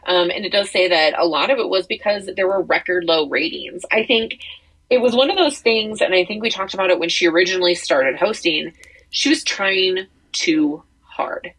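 A woman co-hosts a casual podcast, talking through celebrity news. Her voice sits low and a little husky, and she rambles with plenty of fillers and false starts. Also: moderate pace, fairly bright tone, rough recording. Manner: rambling, many fillers and restarts. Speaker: podcast co-host. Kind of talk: casual chat about entertainment news.

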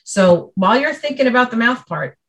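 A woman's voice: a little high, expressive, brisk, fairly bright tone. A woman who is a speech-language pathologist, patiently explaining her work in casual conversation.

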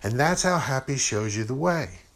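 A man's voice: mid-range voice, animated, normal speed, fairly bright tone. A middle-aged man hosting a podcast, giving an earnest, rambling spiritual monologue and acting out quoted voices. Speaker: podcast host.

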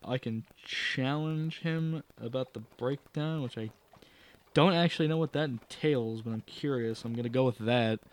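A man's voice: mid-range voice, normal speed. A man reading a gamebook aloud and musing over his choices, with self-deprecating asides. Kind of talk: casual reading and commentary.

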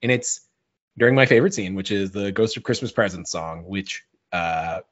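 A man in casual podcast chat, animated and swearing freely, with lots of "like" fillers, on a dull lo-fi recording. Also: deep voice, normal speed. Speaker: podcast co-host. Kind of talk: casual chat about a film. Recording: dull lo-fi sound.

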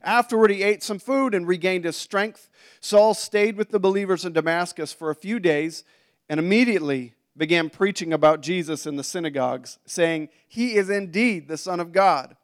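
High, smooth-voiced man preaching. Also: normal speed. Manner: conversational, with restarts and asides. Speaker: pastor. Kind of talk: sermon.

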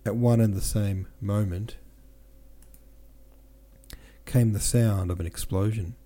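A man reading a classic novel aloud as a podcast narrator, steady, with small slips he corrects himself. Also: on the low side, takes it slowly. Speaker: audiobook narrator and podcast host.

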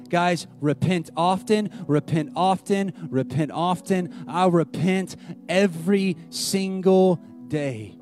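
A man, preaching a sermon, moving between loud, lively retelling and hushed, slow, tender lines. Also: a little high. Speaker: pastor.

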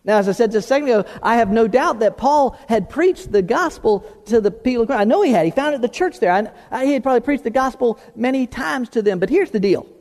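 A man preaching a sermon, emphatic, often restarting words and slowing down on key terms. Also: very high voice, animated, darkish tone. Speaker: pastor. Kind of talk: sermon with opening prayer. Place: church sanctuary. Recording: long hall reverb.

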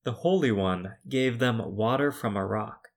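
Slow, deliberate male preacher. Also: lowish voice, gravelly. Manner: deliberate, measured storytelling. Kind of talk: sermon.

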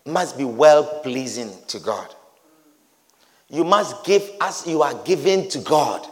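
A man preaching a sermon in an emphatic, repetitive style that builds to shouts. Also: fairly high pitch, lively intonation, takes it slowly. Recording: reverberant hall.

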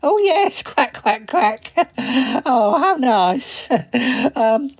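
A woman's voice: high voice, lively intonation, drawn-out words, full character voice. A woman voicing a pleasant talking duck who quacks between her words in a comedy improv sketch. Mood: giggly quacking.

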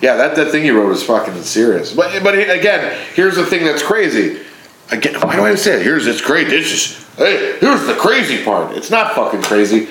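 A man co-hosting a podcast, chatting casually in a rambling, profane way and telling animated stories with lots of restarts. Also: fairly high pitch, moderate pace. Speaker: podcast co-host. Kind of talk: casual chat. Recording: echoey room with faint noise.

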